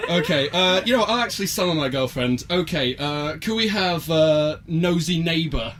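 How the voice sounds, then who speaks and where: A blustering, sarcastic superhero who squawks like a bird, played by a young man. His voice sits a little high and bounces around a lot. It is captured on a noisy recording of an improv comedy show. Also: expressive, moderate pace, a bit bright. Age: young adult. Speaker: improv performer.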